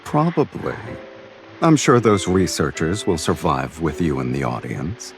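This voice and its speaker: An actor voicing a calm, suave young man in a romance game, teasing and protective. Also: rumbling low, measured pace, faint music behind, exaggerated voice. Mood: teasing, caring. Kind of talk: game voice acting.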